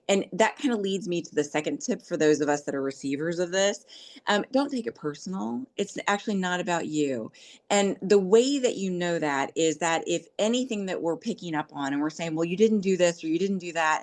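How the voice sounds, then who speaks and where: Relationship advice comes from a middle-aged podcast host who speaks in a lowish voice at a normal speed. Earnest and casual, she coaches her listeners and performs the lines of quoted dialogue.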